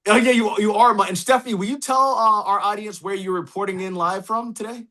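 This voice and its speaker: A man's voice: sits high, steady tone, quick pace, bright, forceful tone. A man hosting a podcast, talking loosely and chattily with many fillers. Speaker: podcast host. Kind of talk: casual interview.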